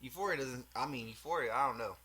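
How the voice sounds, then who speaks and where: A man's voice: mid-range voice, fast talker, sharp tone, breathy edge. A man hosting a podcast in casual chat, blunt, profane and joking. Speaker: podcast host.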